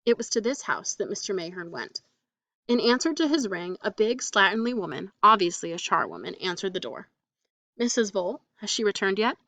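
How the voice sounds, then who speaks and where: A woman reading a mystery story aloud in a steady, even storytelling manner. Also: medium pitch, brisk, no echo, far from the mic. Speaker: audiobook reader.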